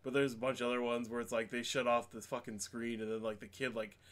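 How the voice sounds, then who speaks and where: A man with a bright, forceful voice at a middle pitch, riffing in loose, profane podcast banter. He leans hard on filler words and breaks into laughter between lines. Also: level tone, fast. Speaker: podcast co-host. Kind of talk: casual crude chat.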